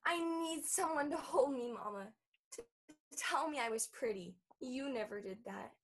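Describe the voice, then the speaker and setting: A grown daughter with a child's heart, played by an actress, high and airy in tone. She pleads with her mother earnestly, stumbling and halting as she talks. It comes across as stage drama. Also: expressive. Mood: pleading.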